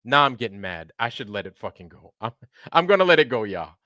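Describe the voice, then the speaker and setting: A man's voice: mid-range voice, big pitch swings, fairly quick, pushed and bright, dry recording. A man hosting a livestream, ranting sarcastically with heavy swearing and greeting viewers in chat by name. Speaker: livestream host.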